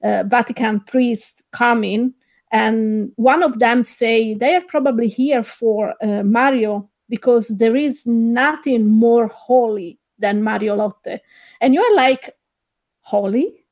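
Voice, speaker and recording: Woman guest, slow measured delivery, fillers, slightly high voice. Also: darkish tone. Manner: thoughtful, hesitant, many fillers. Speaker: podcast guest. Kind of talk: casual discussion.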